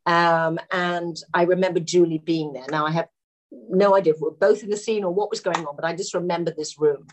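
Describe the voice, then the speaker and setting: A woman telling film-set anecdotes in a relaxed interview, often laughing as she talks. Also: on the low side, a little fast. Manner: animated, laughing storyteller. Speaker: actress guest.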